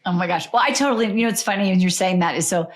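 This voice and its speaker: Woman hosting a chat show, rambly and excited, talks like a friend. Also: mid-range voice, racing. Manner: chatty, enthusiastic, rambling. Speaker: podcast host. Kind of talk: casual interview chat.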